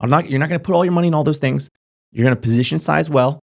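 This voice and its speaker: A young man talking casually to camera, giving crypto advice in a rapid, emphatic way, full of fillers and checking in with "okay?". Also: fairly high pitch, gravelly, a little mellow. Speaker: crypto YouTuber.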